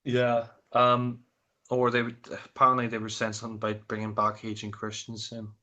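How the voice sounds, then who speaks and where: A man's voice: medium pitch, completely flat delivery, moderate pace, bright, forceful tone. A man co-hosting a casual film review chat, rambling with lots of fillers and restarts.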